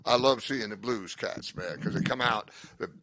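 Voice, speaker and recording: A man's voice: mid-range voice, normal speed, sharp tone, dry recording. Rambling, profane stand-up comic, older man. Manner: rambling, profane, self-interrupting. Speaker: stand-up comedian. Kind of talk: stand-up comedy set.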